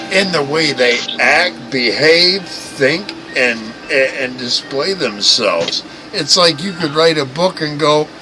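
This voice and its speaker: A man with a voice on the high side hosts a livestream, ranting and mocking crudely and profanely while often stammering and starting over. The recording is rough, and music plays in the background.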